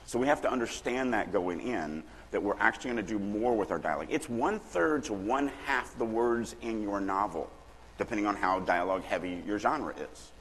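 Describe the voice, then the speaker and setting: A middle-aged man from Louisiana giving a lively, joking lecture on writing at a conference, acting out little examples as he goes. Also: on the low side, fairly quick, a little hiss or hum. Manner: animated, joking, acts out examples. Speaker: writing workshop speaker. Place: large conference hall. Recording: long hall reverb.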